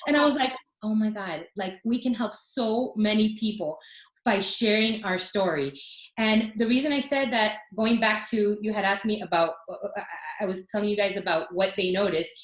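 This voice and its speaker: A woman's voice: mid-range voice, normal speed, roomy sound, low-quality recording. A woman in her forties, a guest telling personal stories in casual chat and acting out quotes. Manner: animated storytelling, acts out quotes.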